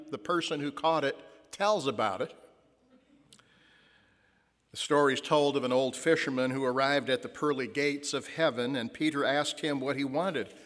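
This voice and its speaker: A man preaching a sermon as pastor, telling stories and slowing down to stress key lines. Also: fairly high pitch, fairly bright tone. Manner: storytelling, slows for emphasis. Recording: long church reverb.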